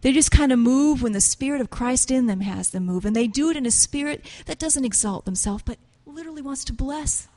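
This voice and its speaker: A woman preaching with earnest emotion, retelling a story in a tearful voice that drops to a hush and rises loudly again. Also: high-pitched, brisk, hardly any pauses. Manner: tearful, earnest, swings from hushed to loud.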